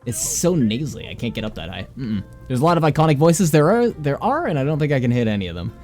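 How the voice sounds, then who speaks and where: A man's voice: mid-range voice, very animated, fast, darkish tone, faint music behind. A young adult man chatting casually as a streamer while he plays, rambling and laughing easily. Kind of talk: casual gameplay commentary.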